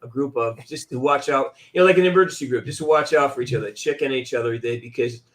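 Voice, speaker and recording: A man's voice: medium pitch, racing. A man hosting a casual talk show, rambling and restarting his sentences. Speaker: host.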